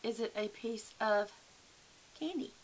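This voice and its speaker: A woman's voice: fairly high pitch, slow, a little hiss or hum. A woman, chatting casually and rambling to her viewers at home, calling them y'all. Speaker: vlogger. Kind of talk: casual chat to camera.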